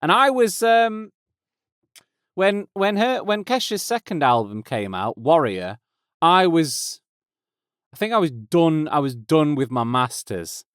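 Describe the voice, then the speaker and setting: A man's voice: a little high, lively intonation, takes it slowly, fairly bright tone, smooth, no room sound, clean studio sound. Rambling, self-deprecating male podcast host. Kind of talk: casual podcast intro. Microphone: close studio mic.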